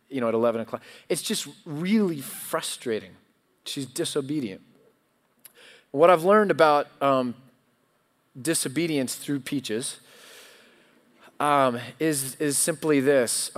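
A middle-aged man preaching a sermon, telling a personal story in a conversational, self-deprecating way with many ums and restarts. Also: medium pitch. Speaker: pastor.

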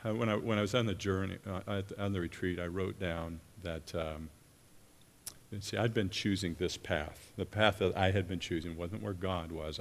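Man, preacher, very low voice, earnest, halting delivery, frequent restarts, long church-hall reverb. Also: a little hiss or hum. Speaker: pastor or worship leader. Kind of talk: sermon.

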